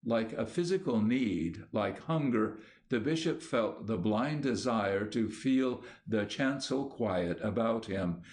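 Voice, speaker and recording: Slow, gentle male audiobook narrator. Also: mid-range voice. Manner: slow, gentle, even delivery. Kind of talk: calm scripted narration.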